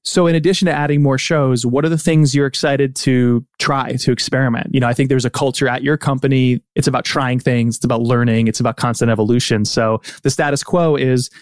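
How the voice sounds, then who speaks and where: A man's voice: mid-range voice, steady tone, a little fast, few pauses, no room sound. Guy hosting a podcast, explains stuff like a coach, dry studio mic. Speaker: podcast host. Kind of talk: scripted podcast commentary.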